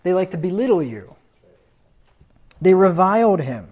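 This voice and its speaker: A man with a high voice preaches a fiery sermon, reading scripture and mocking his critics. The recording is dull and lo-fi, like a church tape. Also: very animated, normal speed, darkish tone. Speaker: pastor.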